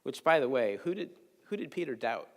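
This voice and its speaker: A man giving a chapel sermon in a relaxed, conversational way, telling a Bible story with jokes. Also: mid-range voice, brisk, gravelly. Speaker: chapel speaker. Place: large chapel. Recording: long hall reverb in a chapel.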